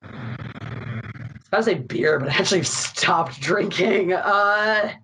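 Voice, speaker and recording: A woman's voice: on the low side, animated, takes it slowly, a bit bright, rough recording. A woman from Philadelphia, a guest on a podcast, chatting casually with a jokey, self-deprecating manner.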